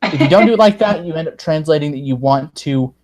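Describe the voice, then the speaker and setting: A man's voice: on the high side, expressive, quick pace, a little mellow. A man hosting a casual livestream, joking sarcastically and reading viewer comments aloud. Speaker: livestream host.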